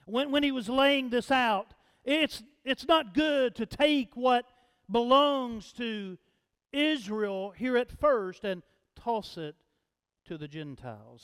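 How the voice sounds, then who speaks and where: A male pastor, preaching slowly and dramatically, swelling to loud calls and dropping to hushed lines. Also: extremely high pitch, clean tone. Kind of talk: sermon. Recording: long reverb in a large hall.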